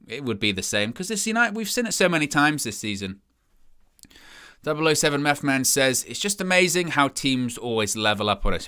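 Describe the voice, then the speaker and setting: This young watch-along host rambles dejectedly through a live football match, mocking himself as his team struggles. His mid-range voice comes across bright and forceful, clear and resonant.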